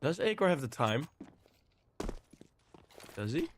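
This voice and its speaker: A man casting a live match with play-by-play commentary, excitable and quick to exclaim between calls. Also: fairly high pitch, slight background noise. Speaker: esports caster.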